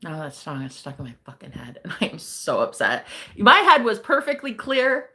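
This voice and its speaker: A woman's voice: mid-range voice, sing-song, normal speed, sharp tone. A young woman hosting a casual livestream as a psychic reader. She chats with viewers, laughs often and swears casually.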